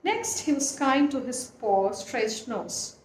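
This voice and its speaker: A woman reading a classic animal story aloud, with an expressive, lilting storyteller's manner. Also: high voice, slow pace. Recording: echoey room, faint noise.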